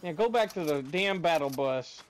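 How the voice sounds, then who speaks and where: A man's voice: a little high, normal speed, faint music behind. A young man chatting casually over gameplay, telling stories with lots of swearing and laughter. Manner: animated storyteller, swears freely, laughs often. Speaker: gamer and co-commentator.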